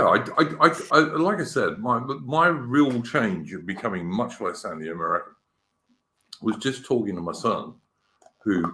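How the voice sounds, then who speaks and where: English guy, middle-aged, hosting a casual chat, rambly and opinionated, a bit low-pitched. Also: fairly bright tone, roomy sound. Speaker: podcast host. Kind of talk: casual live-stream chat.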